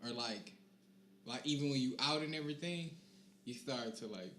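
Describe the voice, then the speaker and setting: Young man, podcast co-host, rambling casual chat, trailing off softly, echoey room, faint hiss. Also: mid-range voice, normal speed. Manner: laid-back, rambling, trails off quietly.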